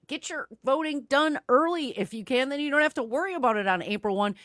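A woman hosting a radio talk show, brisk and direct, speaking to her listeners as folks. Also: a little high, lively intonation, a bit bright, no room sound, clean studio sound.

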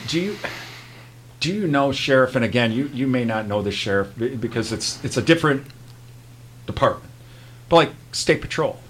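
A man's voice: medium pitch, a bit bright. A man hosting a radio interview, asking questions and thinking aloud hesitantly. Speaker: radio host.

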